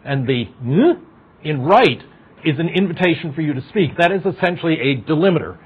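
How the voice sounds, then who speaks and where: Talking fast in an animated, fairly high voice with a breathy edge, a middle-aged man lectures university students on psychology. His style is conversational, full of questions for the class and wry asides, and the recording from the lecture hall is dull and lo-fi.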